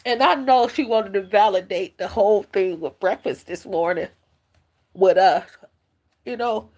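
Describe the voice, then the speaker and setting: A woman's voice: medium pitch, a little slow, a little mellow. A woman hosting a spiritual livestream, teary and preacherly, talking straight to her viewers. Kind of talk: casual spiritual livestream talk.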